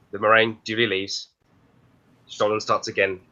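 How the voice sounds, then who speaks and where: A man's voice: on the low side, moderate pace, pushed and bright, muffled recording. A man co-hosting a casual live watchalong commentary, telling stories in a chatty way. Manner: storytelling, chatty. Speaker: co-host.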